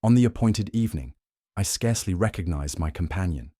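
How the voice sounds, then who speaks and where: A man reading a story in a measured, formal storytelling voice. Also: low voice, expressive, dark tone, dry recording, clean studio sound. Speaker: narrator. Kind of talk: scripted storybook narration.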